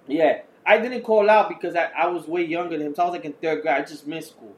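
A man's voice: a little high, fast, muffled recording. A man telling casual stories in a chat, swearing and acting out voices. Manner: animated storyteller, swears, acts out quoted voices. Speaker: podcast co-host. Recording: echoey room with faint ambient noise.

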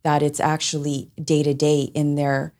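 A woman's voice: low-pitched, monotone, moderate pace, a little mellow. A woman co-host asking a guest long, careful interview questions. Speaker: podcast co-host.

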